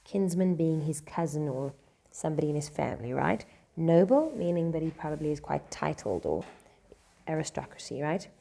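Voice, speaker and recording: A woman teaching a Shakespeare scene at home. She reads each line slowly, then explains it in casual slang. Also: low-pitched, expressive, vocal fry, dark tone. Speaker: English teacher.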